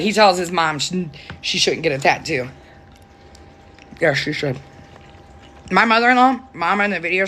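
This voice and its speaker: A woman's voice: on the low side, pushed and bright, a little hiss or hum. A woman chatting casually and laughing often while hosting a live stream from her phone at home. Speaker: TikTok live host. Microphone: phone camera.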